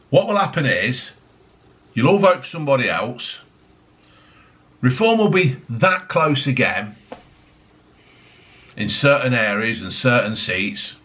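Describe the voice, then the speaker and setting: Swearing man ranting with lively pitch. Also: measured pace, pauses often. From United Kingdom. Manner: swearing heavily, mocking, repetitive tag questions. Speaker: vlogger. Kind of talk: angry political rant.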